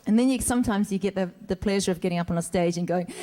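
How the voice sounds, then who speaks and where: Speaking rapid-fire with few pauses, this woman has a mid-range, dark-toned voice. She's an actor guest on a convention Q&A panel, answering fans' questions into a stage mic in a big hall, chatty and self-deprecating, cracking jokes and frequently starting over. Behind her there's some chatter and a bit of background noise.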